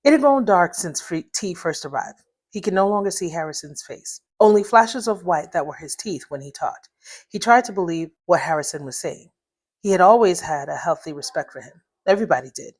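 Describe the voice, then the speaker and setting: A woman reads her own short story aloud at home in her living room, her voice on the low side. She narrates steadily and breaks off now and then to chat and laugh at her own stumbles. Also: lively intonation, a little fast. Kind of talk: reading aloud with casual asides.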